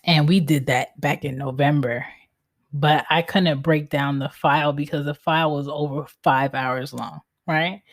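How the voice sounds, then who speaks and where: A woman's voice: low-pitched, fairly even intonation, unhurried. A woman in her thirties hosting a casual solo podcast from home, talking candidly and bluntly and swearing freely. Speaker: podcast host.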